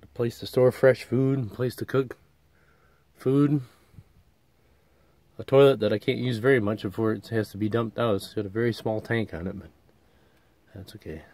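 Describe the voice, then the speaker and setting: A man's voice: mid-range voice, fairly even intonation, moderate pace, pauses often, a little mellow, no echo. Breathless middle-aged man giving a casual van tour. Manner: folksy, plainspoken, chuckles often. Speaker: vlogger touring his camper van. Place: inside a small camper van.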